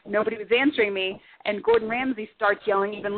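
Animated woman on a tinny phone line. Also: a little high, a little fast, hardly any pauses, noisy background. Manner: animated, acts out shouted quotes. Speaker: guest, former cooking show contestant. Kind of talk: casual storytelling on talk radio.

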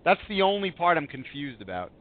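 A man's voice: on the high side, sing-song, brisk, no room sound. Playful guy cohost, voice bounces around, dry tinny sound. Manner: laughs easily, playful. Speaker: talk show co-host. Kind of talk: casual podcast chat.

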